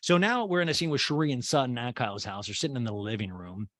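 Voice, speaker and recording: A man's voice: mid-range voice, fast, fairly bright tone, dry recording, studio quality. A man hosting a comedy podcast, recapping a TV show in a chatty, sarcastic way. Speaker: podcast host.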